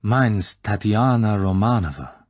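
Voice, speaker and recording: A man's voice: lowish voice, sing-song, normal speed, mellow, husky, dry recording, heavily acted. A man voicing a teasing, shy young Russian woman with a slight Russian accent, in an audiobook reading. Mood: coy teasing. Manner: coy, playful, prim.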